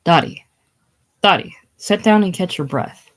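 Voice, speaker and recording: A bossy, motherly older woman who fusses and gives orders, read by a woman in a casual play reading. The voice is low-pitched for a woman. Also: expressive, a little slow. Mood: fussing. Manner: bossy, fussing.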